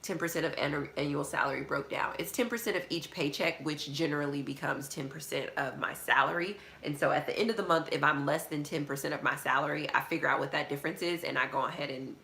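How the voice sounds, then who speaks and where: A woman's voice: low-pitched, fast talker, vocal fry, hardly any pauses, sharp tone, echoey room, slight background noise. A woman hosting a live question-and-answer chat from her studio apartment, reading out viewer questions and answering them candidly. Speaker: budgeting channel host.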